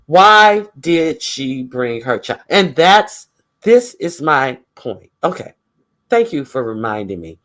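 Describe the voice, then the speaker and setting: A man giving casual gossip commentary in a profane, sarcastic, animated way. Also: a little high, slow. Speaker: vlogger.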